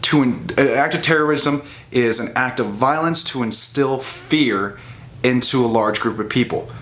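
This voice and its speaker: A young man rants straight to camera in a heated, profane way. His voice sits at an ordinary middle pitch, and he stumbles and restarts as he builds his case. He speaks like a casual vlogger, mocking the people he disagrees with. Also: normal speed, fairly bright tone. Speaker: bodybuilding vlogger. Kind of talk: ranting casual commentary.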